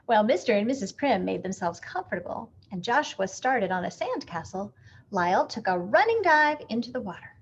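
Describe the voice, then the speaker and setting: A woman reading a picture book aloud with expressive, animated storytelling. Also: mid-range voice, fairly quick, muffled recording, a little hiss or hum.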